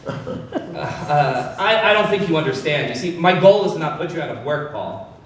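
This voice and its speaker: An earnest, hesitant man who stammers as he makes his case in a comedy sketch. His voice sits slightly high for a man. The room is very echoey and the mic is distant. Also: expressive, normal speed, slight background noise. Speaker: political candidate.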